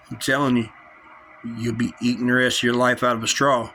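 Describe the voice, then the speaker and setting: A man's voice: mid-range voice, little pitch movement, fairly quick, bright, forceful tone, slight background noise, poor audio. A man delivering an angry, confrontational vlog rant, full of threats and repetition. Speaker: vlogger. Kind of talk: angry direct-to-camera rant.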